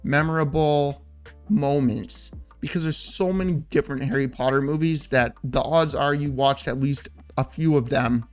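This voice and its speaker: A man's voice: medium pitch, normal speed, soft background music. Rambling man in his thirties. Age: 30s. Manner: rambling, filler-heavy, self-interrupting. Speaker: gaming YouTuber. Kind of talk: casual vlog commentary.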